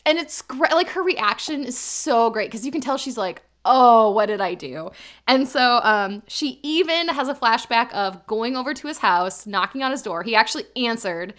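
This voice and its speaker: A woman in her thirties, an animated storyteller casually recapping a drama as a podcast co-host. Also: on the high side, normal speed, few pauses.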